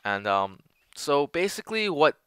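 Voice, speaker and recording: A man's voice: fairly high pitch, very animated, normal speed, a bit bright, clean tone, no room sound. A young man giving casual commentary over gameplay, rambling with many filler words and restarts. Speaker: gaming commentator.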